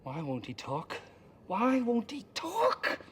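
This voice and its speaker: A man playing a desperate, volatile interrogator who shouts and swears at himself. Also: extremely high pitch, wildly swooping pitch, slow, slight background noise, full character voice. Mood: frantic. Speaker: frustrated interrogator. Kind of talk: indie film acting.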